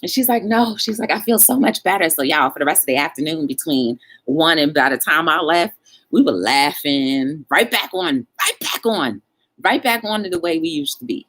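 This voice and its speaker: A woman hosts a live-streamed talk show and tells a personal story to her viewers. Her pitch swings widely as she acts out what each person said. She talks to the audience directly and calls them y'all. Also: normal speed. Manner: animated storytelling, acts out both sides of dialogue.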